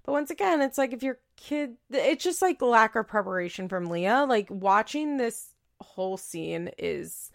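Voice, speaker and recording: A woman's voice: a little high, animated, unhurried, creaky, few pauses. A woman giving casual commentary as a podcaster, blunt and profane, with frequent "like" fillers. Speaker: reality TV recap podcaster.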